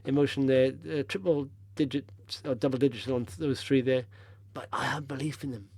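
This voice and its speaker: A man's voice: mid-range voice, fairly even intonation, moderate pace, a little mellow, breathy edge, no echo. Tired, chatty male stock vlogger. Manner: chatty, rambling, blunt opinions. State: tired after a long drive. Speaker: stock-picking video host. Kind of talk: casual market commentary over charts.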